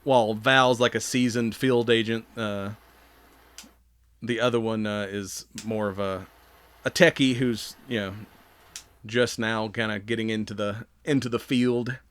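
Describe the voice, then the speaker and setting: A man's voice: fairly low pitch, steady tone, measured pace, fairly bright tone, smooth. A man co-hosting a podcast, recapping a show in a rambling, laid-back way with frequent laughs. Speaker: podcast co-host. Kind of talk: casual chat.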